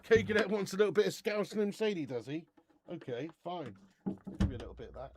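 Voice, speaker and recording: A man hosting a live stream, chatting loosely with his viewers and reading out their messages. His voice sits a bit high for a man, and he laughs and swears freely. The sound is dry and close, with no room around it. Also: expressive, a little fast, a little mellow, no room sound. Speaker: live stream host of a football watch-along.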